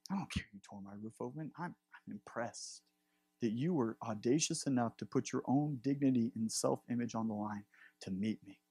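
A man voicing a tender male teacher who gently reassures someone. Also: mid-range voice, moderate pace, slightly rough, no echo.

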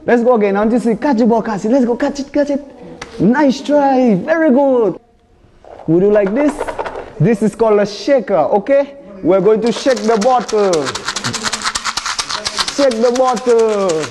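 A Barbadian woman caregiver leading play exercises with toddlers, giving slow, patient, repeated praise. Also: a little high. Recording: echoey room with faint noise.

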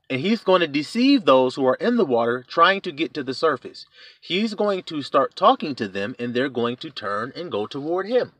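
A man preaching an informal sermon in an animated, playful way, laughing and breaking into sing-song asides. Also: a little high, dry recording.

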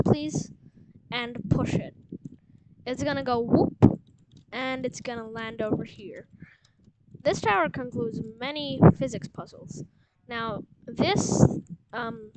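A woman talks through a game walkthrough at an unhurried, drawn-out pace, her voice sitting slightly high. She rambles, second-guesses herself and fills gaps with ums. Loud noise and clicking run under the recording. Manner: rambling, unsure, many fillers. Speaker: game guide host. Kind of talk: casual gameplay walkthrough.

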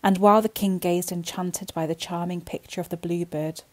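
A woman's voice: lowish voice, moderate pace. Woman reading a bedtime story. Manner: expressive, gentle.

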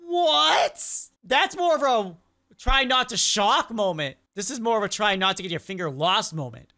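A woman's voice: medium pitch, normal speed. A young woman hosting a reaction video, chatting casually and exclaiming at funny clips. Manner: animated, exclaiming and questioning clips.

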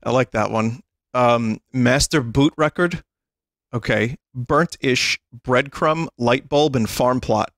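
A man's voice: mid-range voice, slow, fairly bright tone, no room sound, clean studio sound. A man hosting a livestream, chatting casually to his viewers and laughing often as he reads a list aloud. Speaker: livestream host. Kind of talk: casual stream chat.

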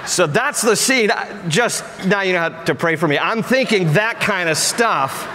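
A man's voice: high voice, lively intonation, a little slow, pushed and bright, a little hiss or hum. A male pastor preaching a sermon in a church, storytelling with humor. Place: church sanctuary. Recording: echoey church hall.

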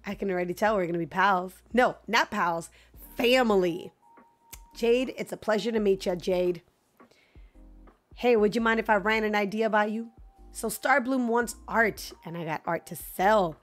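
A woman reading aloud the lines of a sly male fox art dealer in a video game, with a quick salesman's patter and faint game music behind her. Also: close to an everyday voice. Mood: smooth-talking. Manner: fast-talking sales pitch, reading game dialogue aloud.

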